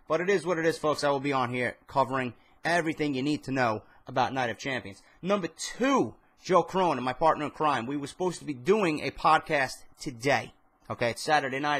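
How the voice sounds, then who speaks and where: A young man with a New York accent, tired after a few beers, ranting casually and profanely to camera at home late at night about wrestling. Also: medium pitch. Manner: profane, animated, rambling. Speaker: wrestling vlogger. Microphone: camera mic.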